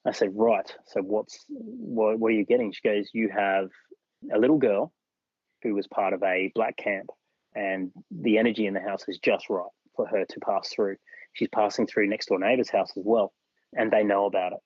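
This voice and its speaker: A man's voice: on the low side, steady tone, moderate pace, breathy edge, no echo, lo-fi sound. An Australian man recounting a personal experience as a podcast guest, acting out what other people said. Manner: acts out other people's lines while recounting. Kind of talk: personal storytelling in a podcast interview.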